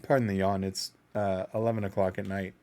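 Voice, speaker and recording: A man's voice: low-pitched, little pitch movement, a little fast, darkish tone. A man hosting a casual music reaction video, thinking aloud in an analytical, self-doubting way.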